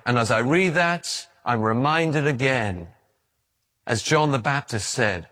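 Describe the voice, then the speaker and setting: A man preaching a sermon, telling stories with animated acted-out voices and frequent stammered restarts. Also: mid-range voice, moderate pace. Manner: animated storytelling, acting out voices in his anecdotes; repeats words when restarting.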